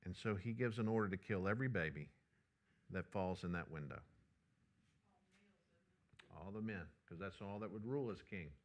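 A male pastor, preaching a sermon and telling a personal story in a lively, conversational way. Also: low-pitched, normal speed, pauses often.

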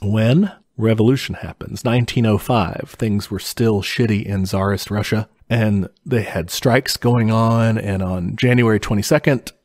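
Laid-back man with a lowish voice. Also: unhurried, hardly any pauses, darkish tone, dry recording, clean studio sound. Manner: laid-back storytelling, frequent chuckles and casual swearing. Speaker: podcast co-host explaining history. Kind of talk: casual podcast chat.

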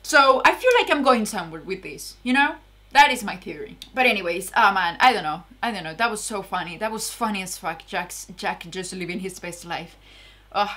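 A young woman reacting to a TV episode in casual commentary, excitable, laughing and swearing often. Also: mid-range voice, fairly quick. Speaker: reaction video host.

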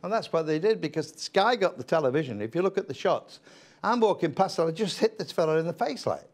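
A man's voice: on the high side, fast talker. Blunt older man telling stories. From England. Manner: blunt, lively storyteller. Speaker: interview guest, retired politician. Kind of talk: anecdotal storytelling.

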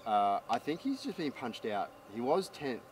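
A man's voice: mid-range voice, huge pitch swings, normal speed, far from the mic, a little hiss or hum. A man, a fellow tournament angler, chatting casually and asking short questions about the day. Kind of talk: casual chat.

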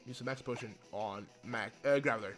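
A young man giving casual commentary while playing a video game, excitable and swearing, with many apologies. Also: mid-range voice, brisk. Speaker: let's play gamer. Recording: game music behind the voice. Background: faint game music.

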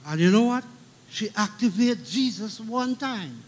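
A man's voice: high-pitched, lively intonation, a little slow. A middle-aged man with a Trinidadian accent preaching a funeral sermon, emphatic and repeating key lines, calling out for amens.

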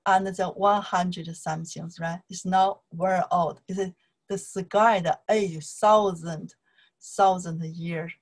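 Slow Chinese-accented woman teaching. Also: fairly low pitch. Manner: broken English mixed with Chinese phrases, slow and repetitive. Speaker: language teacher. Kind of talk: explaining song lyrics in a lesson.

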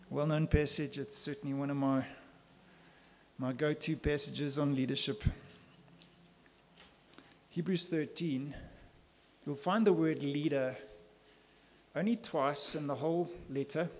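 Male pastor, slightly raised pitch, emphatic church sermon delivery. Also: darkish tone. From South Africa. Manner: earnest, emphatic preaching with rhetorical questions.

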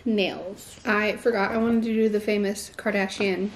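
A woman's voice: medium pitch, fairly even intonation, normal speed, very noisy. A young pregnant woman chatting casually to a handheld camera as she runs errands and relaxes at home, full of "like" fillers. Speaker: vlogger. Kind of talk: casual vlog chat.

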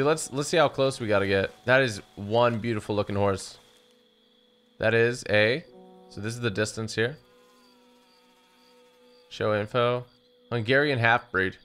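A young man giving chatty, excitable commentary while he plays a video game, often talking to his horse. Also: on the low side. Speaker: gaming YouTuber. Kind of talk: let's play commentary.

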